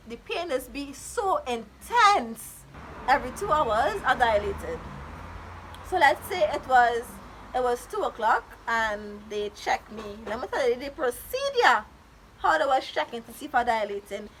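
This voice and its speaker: A woman vlogger telling a story in a casual storytime style, animated and dramatic, often quoting other people in her retelling. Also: a little high, measured pace, slight background noise, poor audio.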